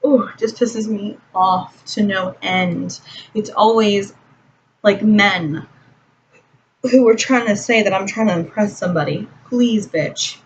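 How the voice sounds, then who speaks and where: A woman's voice: mid-range voice, slow. A young woman chatting through a makeup tutorial at home, ranting with casual swearing and lots of fillers. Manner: irritated, profane ranting with many fillers. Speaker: makeup vlogger. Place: home room. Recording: distant, dull lo-fi home recording with faint hiss.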